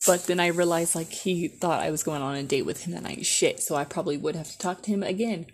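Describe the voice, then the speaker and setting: A woman's voice: lowish voice, fast, husky. A young woman casually telling a personal story as a podcast host, chatty and profane, with lots of "like". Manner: chatty, filler-heavy with constant "like", profane.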